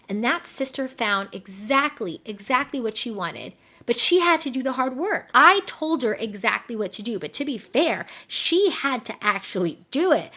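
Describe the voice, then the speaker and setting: A woman marriage coach speaking frankly to women in casual advice talk, telling stories and acting out the conversations in them. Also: fairly high pitch. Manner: animated storytelling, acting out quoted conversations; frank, direct address to listeners.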